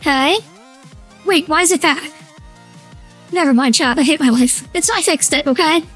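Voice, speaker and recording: A high, bright feminine voice-changer voice chatters through a live gaming stream. It's excitable and playful, quick to squeal or giggle. Faint music sits underneath. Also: male voice. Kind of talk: casual live-stream chat while gaming.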